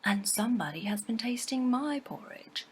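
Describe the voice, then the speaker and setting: A woman voicing a mild middle-sized bear, speaking softly and half-whispered. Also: fairly high pitch, animated, normal speed, slightly rough, pitched above the performer's own voice. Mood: puzzled.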